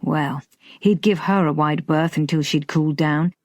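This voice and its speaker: A woman narrating a romantic comedy audiobook in a measured, lightly expressive way. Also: low voice, no room sound, studio quality. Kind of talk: scripted narration.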